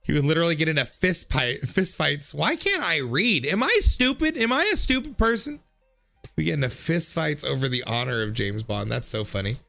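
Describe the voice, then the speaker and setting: A man's voice: fairly high pitch, big pitch swings, normal speed, gravelly, pushed and bright, soft background music. A man in his thirties, a streamer reading out viewer comments in a casual, jokey way, swearing freely and often laughing.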